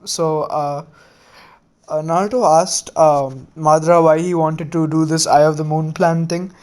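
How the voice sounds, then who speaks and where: A man's voice: on the high side, fairly even intonation, a little slow, a little mellow, clean tone. A man casually retelling a fan story, rambling with lots of filler words and restarts.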